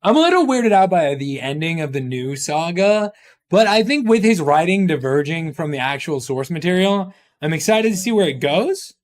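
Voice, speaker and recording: Animated high-voiced male streamer. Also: normal speed. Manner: rambling, joking, swearing, reading chat aloud. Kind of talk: casual live-stream chat.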